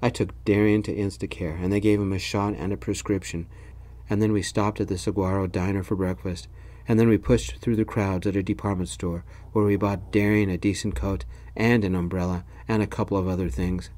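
Deep, dark-voiced soft-spoken male storyteller. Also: fairly even intonation, fairly quick. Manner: soft-spoken, gentle narration.

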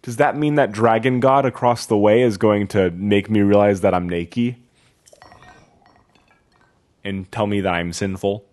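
A man's voice: lowish voice, steady tone, a little slow, long pauses, a little mellow. A man giving casual, jokey let's-play commentary, wondering aloud as he plays a video game.

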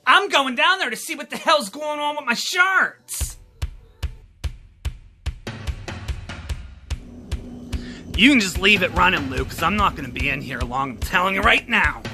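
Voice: medium pitch, sing-song, moderate pace, sharp tone, faint music behind. Someone doing a cranky cursing old grandma. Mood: irritated, complaining. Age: older. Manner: gruff, cursing, complaining. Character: cranky elderly grandmother, short-tempered and foul-mouthed. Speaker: comedy character host. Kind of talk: improvised comedy sketch.

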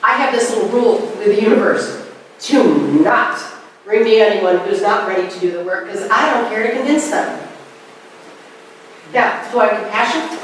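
Woman giving a spiritual talk, kinda high voice, big swoops, far-off mic in a super echoey hall. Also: a little hiss or hum. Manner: animated, swooping up high on key words. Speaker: conference speaker. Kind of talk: spiritual lecture. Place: lecture hall.

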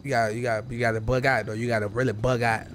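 A man streaming a roleplay game, talking in casual, profane voice chat and coaching his partner with quick restarts. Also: mid-range voice, level tone, noisy background.

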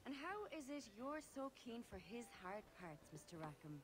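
A woman's voice: a little high, sing-song, normal speed. An actress playing a teasing, flirtatious woman at a tavern in a video game.

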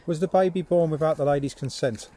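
Fast, husky man provoking spirits. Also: a little high, mellow. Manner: provoking, challenging. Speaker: paranormal investigator. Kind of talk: calling out to spirits on a ghost hunt. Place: outdoors in a woodland graveyard.

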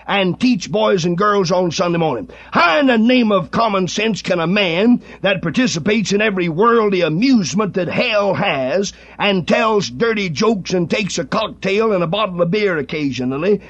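A man's voice: high-pitched, expressive, normal speed, few pauses, fairly bright tone. A middle-aged man preaching a fiery radio sermon, full of rhetorical questions and rising fervor. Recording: dull lo-fi archival radio recording.

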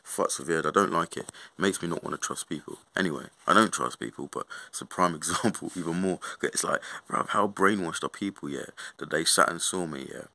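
A man's voice: low-pitched, a little fast, gravelly, hardly any pauses, bright, forceful tone, no room sound. A young man in a casual, sweary storytime rant, repeating himself and saying bruv and mate. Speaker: vlogger.

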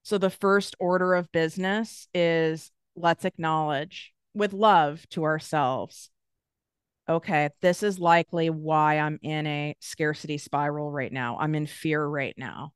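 A middle-aged woman with a lowish, smooth, resonant voice gives a blunt motivational coaching talk. She speaks directly to her audience and swears freely. The sound is close and dry, with no room echo. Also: normal speed. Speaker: business and manifestation coach.

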